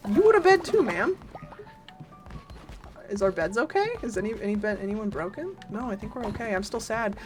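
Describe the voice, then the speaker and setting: Animated, giggly woman streamer. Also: on the high side. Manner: animated and giggly, greets chat, swears often. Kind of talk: casual live-stream chat while gaming. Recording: game music playing under voice.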